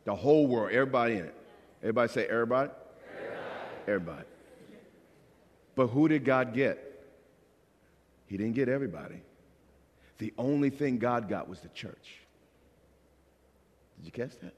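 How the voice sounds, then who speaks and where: A man's voice: mid-range voice, brisk, long pauses. A man preaching a sermon as pastor, asking the congregation questions and acting out the voices he quotes. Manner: animated, acts out quoted voices. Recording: long hall reverb.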